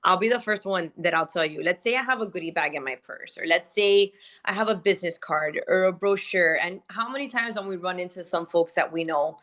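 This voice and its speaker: A woman beauty consultant in casual chat, animated, with lots of fillers and restarts. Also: lowish voice, fairly quick.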